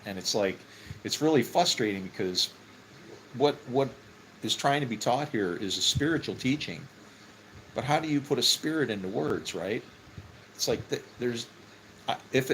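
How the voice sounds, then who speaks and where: A man teaching scripture in a casual, conversational way, full of fillers and "okay?" check-ins, with sudden excited rises for emphasis. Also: fairly low pitch, a little hiss or hum, low-quality recording. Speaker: Bible teacher.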